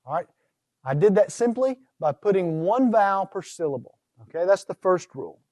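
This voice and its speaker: High-voiced man teaching syllable rules. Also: expressive, darkish tone, no room sound, studio quality. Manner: methodical, sounds out syllables slowly. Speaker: Greek instructor. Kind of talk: recorded lecture on pronunciation.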